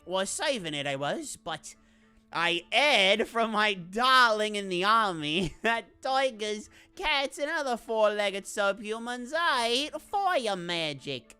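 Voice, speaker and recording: A woman voicing a gossiping, rough-spoken male soldier who drawls coarse slang and spreads rumours in a sly, conspiratorial way. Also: medium pitch, big pitch swings, slow pace, pushed and bright, faint music behind, pitched above the performer's own voice, heavily acted. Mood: gloating.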